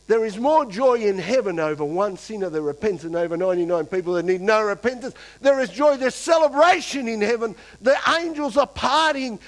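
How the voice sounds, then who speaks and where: A pastor preaching a lively sermon to his church, acting out quoted voices and swinging between loud and hushed. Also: extremely high pitch, a little fast, poor audio.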